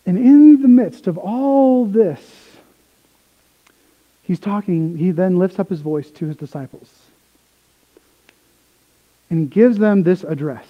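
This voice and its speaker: A man preaching a sermon, swinging from quiet explanation to excited retellings of the crowd. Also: sits high, slow pace, pauses often, narrow, tinny audio. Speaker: pastor.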